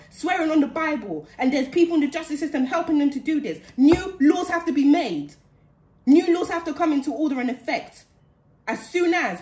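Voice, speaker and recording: A woman's voice: sits high, darkish tone. A woman giving a channeled spiritual reading in an indignant, heated way, repeating phrases for emphasis. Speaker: spiritual card reader. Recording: roomy echo.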